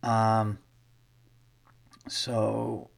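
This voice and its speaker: A man hosting a podcast, telling a rambling, profane, animated story in casual talk, his voice worn from getting sick. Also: fairly low pitch, extremely slow, vocal fry. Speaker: podcast host. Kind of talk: casual comedic storytelling monologue.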